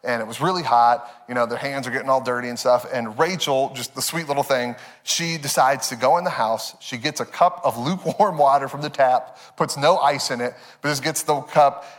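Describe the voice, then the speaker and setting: A man's voice: medium pitch, fairly quick, hardly any pauses. A man in his thirties, a pastor preaching a sermon, telling family stories with frequent laughs and fillers. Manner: animated, laughing through stories, many fillers. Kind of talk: sermon with personal storytelling. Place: church sanctuary. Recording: long reverb of a church hall.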